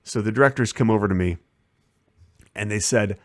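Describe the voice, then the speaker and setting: A man with a fairly low voice hosts a casual stream, telling a rambling behind-the-scenes story about a shoot and acting out the lines he quotes. He talks briskly with frequent pauses. The studio recording is clean, with no echo.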